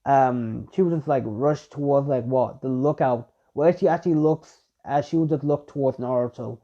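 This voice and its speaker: A man's voice: mid-range voice, moderate pace, warm tone. A young man improvising fan-fiction narration in a rambling way, full of fillers and restarts, on a dull lo-fi recording. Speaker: fan storyteller.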